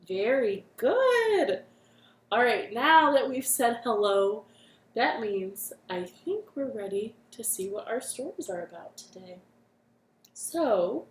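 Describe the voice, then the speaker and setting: A woman hosting a children's storytime from her living room, speaking gently and encouragingly and singing with a ukulele. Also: on the high side, animated, a little slow, roomy sound, a little hiss or hum.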